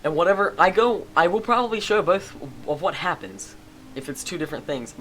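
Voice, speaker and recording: A man gamer reading a visual novel game aloud and reacting, excitable with loud outbursts. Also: high voice, brisk, slight background noise.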